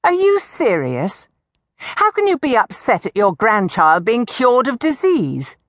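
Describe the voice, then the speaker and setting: A woman's voice: on the high side, wildly swooping pitch, unhurried, no room sound, studio quality, voice pushed up. Woman doing a sarcastic defiant young heroine. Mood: exasperated. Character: sharp-tongued sarcastic young woman bound at the stake.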